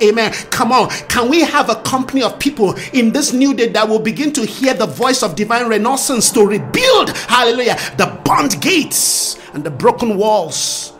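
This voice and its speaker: A man preaching a fervent sermon and leading intercessory prayer, repeating phrases and breaking into shouts and sung lines. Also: very high-pitched, lively intonation, normal speed, hardly any pauses, faint music behind. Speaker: pastor.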